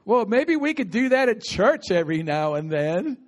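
At an outdoor gathering with audible insects, a high-voiced male preacher gives a sermon at normal speed, sometimes without a microphone. Lively and chatty, he breaks into laughter and coaxes the crowd to answer back in call-and-response.

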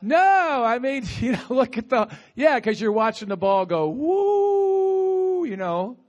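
Male preacher with a high voice, lively and chatty, coaxing the crowd to answer back. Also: moderate pace, lo-fi sound. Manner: animated, talkative, with bursts of laughter and call-and-response. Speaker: pastor. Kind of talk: sermon. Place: outdoor gathering with insects audible. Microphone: no microphone at times.

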